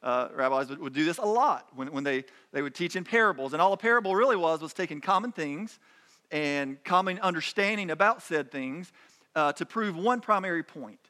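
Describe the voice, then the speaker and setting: A man's voice: fairly high pitch, lively intonation, brisk, bright, forceful tone. A man preaching a sermon in a conversational, emphatic way, often restarting his phrases. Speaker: pastor.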